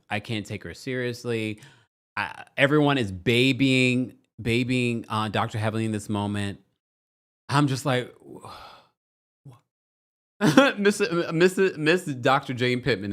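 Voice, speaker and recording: Man recapping reality TV, casual commentary, sassy and dramatic, reads viewer comments, mid-pitched voice. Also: expressive, a little slow, fairly bright tone.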